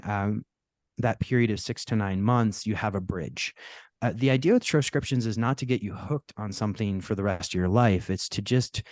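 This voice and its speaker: A man with a fairly low voice talks through his work as a podcast guest. He explains things in an easy, chatty way and jokes at his own expense now and then. The sound is close and dry, with no room echo. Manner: relaxed, explanatory, self-deprecating humor. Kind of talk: casual interview talk.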